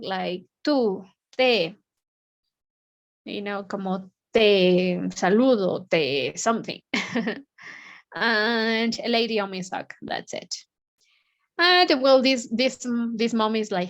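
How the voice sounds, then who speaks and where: Woman, slow unhurried delivery, fairly high voice, halting explanations. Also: lively intonation, fairly bright tone. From Mexico. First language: Spanish. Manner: explains words slowly, halting, many fillers. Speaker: English book club teacher. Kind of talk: casual vocabulary lesson.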